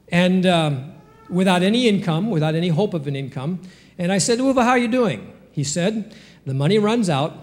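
Male pastor, animated sermon delivery, slightly raised pitch, church hall reverb. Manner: lively preaching with sudden pitch jumps and rhetorical questions. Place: church sanctuary.

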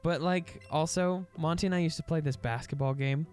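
A woman's voice: sits low, brisk, darkish tone. A young woman co-hosting a video game let's play, chatting casually and playfully and often giggling. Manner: playful, giggly, reads game text aloud. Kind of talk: casual gaming chat. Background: game music.

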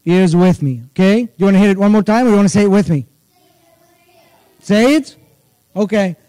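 A man teaching children a church chant, patiently repeating each line and singing it out slowly. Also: high-pitched, warm tone, dry recording, low-quality recording. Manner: patient, repeats phrases slowly, sings the verse drawn out. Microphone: livestream.

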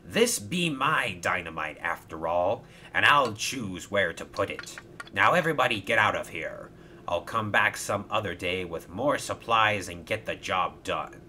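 A man voicing a gruff sailor figure who talks in pirate slang, speaking sternly and slyly in a storybook reading. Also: low voice, animated, a little slow, sharp tone, slight background noise, exaggerated voice.

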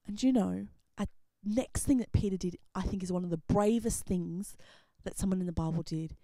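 A woman telling a Bible story to children, very expressive, dropping to whispers and rising to loud exclamations. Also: mid-range voice, moderate pace, no echo. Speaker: children's ministry presenter. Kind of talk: animated Bible storytelling for kids.

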